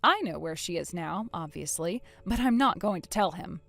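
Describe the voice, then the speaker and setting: A woman narrating a first-person story in a measured, matter-of-fact way. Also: on the low side, animated, creaky. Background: soft music.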